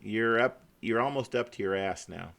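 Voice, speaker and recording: A man with a Midwestern accent runs an online tabletop game as game master. His voice is low and gravelly. He describes the scene with frequent restarts and fillers. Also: normal speed, a crowd in the background. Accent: Midwestern American.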